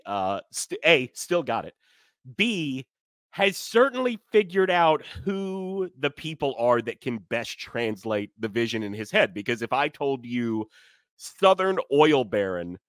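A man co-hosting a relaxed podcast with an everyday mid-pitched voice. He chats loosely and his sentences fade quietly at the end. The recording is dry and close, with no room sound. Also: a little slow, dry recording. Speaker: podcast co-host. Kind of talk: casual sports podcast chat.

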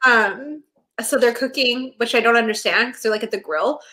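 A young woman with a voice pitched a little above average. She talks in a loose, animated way, stringing thoughts together with "like" and breaking into laughs, as she recaps a TV episode with her co-host. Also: normal speed. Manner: chatty and animated, heavy use of "like", laughs often. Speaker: podcast co-host. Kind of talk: casual chat recapping a TV episode.

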